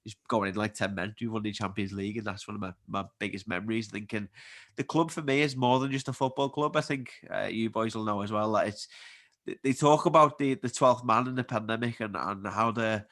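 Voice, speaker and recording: A young man with a broad Scouse accent tells stories in a casual podcast chat. He speaks at a fast clip with lively, animated energy. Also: on the low side. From Liverpool, England. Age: 20s. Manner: animated storyteller, quick and chatty. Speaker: guest athlete.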